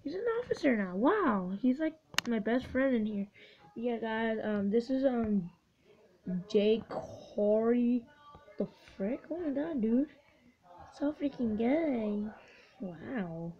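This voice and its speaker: Excitable gamer woman, dull lo-fi recording. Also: fairly high pitch, slow. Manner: excitable, swears, cheers on units. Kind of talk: casual let's-play commentary. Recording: dull lo-fi recording with faint hiss.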